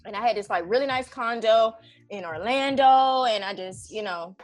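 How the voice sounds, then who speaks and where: Woman, thirties, casual storyteller, slightly high voice, animated, faint music behind. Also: normal speed. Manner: animated, acts out her own quoted prayers in a higher voice, frequent "you know". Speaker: event organizer and guest.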